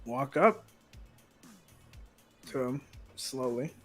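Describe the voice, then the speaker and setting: A man's voice: medium pitch, animated, extremely slow, faint music behind, poor audio. A man playing a tabletop game, chatting casually with fillers and restarts. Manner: rambling, full of fillers and swearing. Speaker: player.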